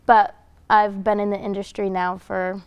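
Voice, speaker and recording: A woman's voice: mid-range voice, little pitch movement, smooth, dry recording. A nineteen-year-old woman from New York, a voice actor, chatting in a friendly, chatty way in a college radio studio. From Syracuse, New York. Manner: friendly, chatty, quick to laugh. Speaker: guest voice actor. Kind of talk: casual interview chat.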